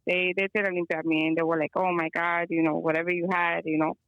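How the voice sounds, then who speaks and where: Gravelly woman rambling on a call. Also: fairly low pitch, little pitch movement, fast, no room sound, lo-fi sound. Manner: rambling, filler-heavy, mixes in Spanish phrases. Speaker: guest caller. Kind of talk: casual storytelling on a call. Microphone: phone or video call.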